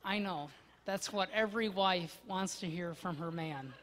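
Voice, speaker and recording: High-voiced man preaching in an echoing church. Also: unhurried. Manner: expressive, swinging from loud emphasis to hushed asides. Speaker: pastor. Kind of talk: sermon. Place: church sanctuary. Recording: long church-hall reverb.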